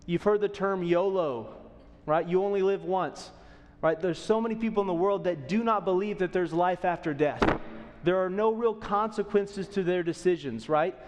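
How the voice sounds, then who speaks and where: A man's voice: sits high, moderate pace, a little mellow, long reverb tail, a little hiss or hum. A man in his thirties preaching a sermon as a pastor, conversational and often checking in with the audience. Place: church auditorium.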